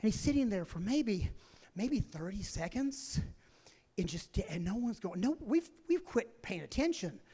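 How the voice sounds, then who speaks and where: A middle-aged man doing stand-up storytelling, animated, swinging between loud shouting and hushed whispers. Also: sits high, measured pace, breathy edge. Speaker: stand-up comedian. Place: large theater stage. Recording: reverberant theater sound.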